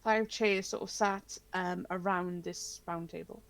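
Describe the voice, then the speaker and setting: A woman narrating a tabletop horror game as game master, halting, with many fillers and frequent laughs. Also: on the low side, steady tone, a bit bright.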